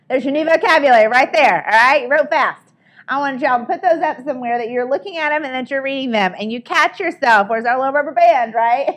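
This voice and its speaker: A woman giving an upbeat training talk to a group, coaching them and often checking in with "right?". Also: fairly high pitch. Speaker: sales trainer.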